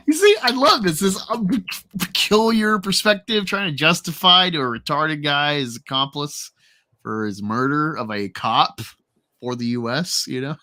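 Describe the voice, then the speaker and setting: Animated guy in his 30s reading comic panels, bright voice, laughs a lot. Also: fairly high pitch, moderate pace, no room sound, studio quality. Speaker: host. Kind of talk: comic book reaction reading.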